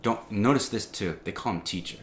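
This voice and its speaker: A man giving an informal, conversational sermon, full of restarts and fillers, growing animated as he tells the story. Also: fairly low pitch, fairly quick, a little hiss or hum. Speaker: preacher.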